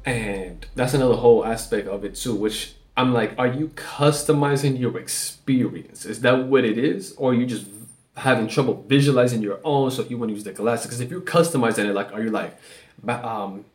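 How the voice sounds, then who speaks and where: A man hosting a solo podcast and rambling casually, with lots of swearing and "like" fillers. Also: medium pitch. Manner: loose and profane, with many "like" fillers. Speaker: podcast host.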